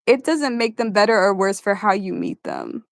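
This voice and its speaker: A woman co-hosting a casual chat podcast, speaking at a middling pitch. She rambles through her points with many fillers. The sound is dry and close to the mic. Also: wildly swooping pitch, moderate pace, gravelly, dry recording.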